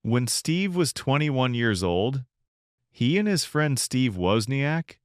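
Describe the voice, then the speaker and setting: A man co-hosting an English-learning podcast, calmly explaining simple words in a scripted dialogue. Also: mid-range voice, slow, dry recording, studio quality. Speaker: podcast co-host.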